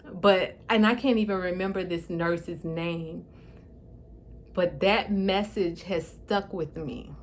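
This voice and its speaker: A woman's voice: on the low side, a little hiss or hum. A woman telling her own story in a heartfelt, tearful way, her speech slightly affected by a stroke. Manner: tearful, heartfelt, pauses to steady herself. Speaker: vlogger. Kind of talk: emotional personal storytelling.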